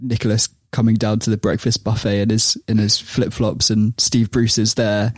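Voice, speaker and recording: A man's voice: lowish voice, flat delivery, moderate pace, no room sound. Brief: male podcast storyteller, laughs a lot, close dry sound. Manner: storytelling, laughs often, many restarts. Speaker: podcast co-host telling a football story. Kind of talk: casual chat.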